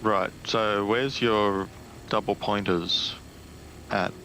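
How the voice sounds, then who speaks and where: A man chatting with gaming friends in a slow, deliberate, dry manner. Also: on the low side, steady tone, a bit bright, a little hiss or hum. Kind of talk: casual gaming chat.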